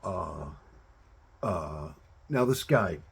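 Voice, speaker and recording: A man casually chatting to camera as a pipe-smoking vlogger, telling rambling stories in a relaxed way. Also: sits low, creaky, a little hiss or hum. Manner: relaxed, rambling storytelling with drawn-out pauses.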